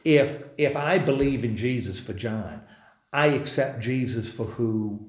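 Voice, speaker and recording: A man's voice: mid-range voice, a little slow, reverberant. A man leading a church Bible study, talking casually and quizzing the group, with frequent restarts. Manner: conversational, many restarts, asks the group questions. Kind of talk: informal Bible study class. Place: church meeting room.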